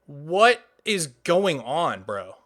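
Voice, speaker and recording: A frustrated man streaming a game live, with a high, bright voice that swings widely in pitch. He speaks slowly and keeps tossing in "dude" and "bro.". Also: sing-song. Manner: exasperated, repeats "dude" and "bro".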